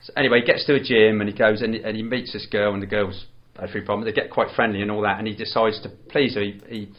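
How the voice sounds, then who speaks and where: A man's voice: lowish voice, steady tone, fast talker, dull audio. A man, co-hosting a podcast and retelling a film plot in a rambling, casual way with lots of restarts. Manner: rambling, with many restarts and fillers. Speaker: podcast co-host.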